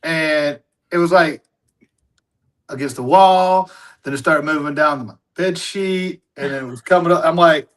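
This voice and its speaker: A laid-back host telling a story in casual chat, swearing freely. The delivery is loose and relaxed. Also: mid-range voice, normal speed, poor audio.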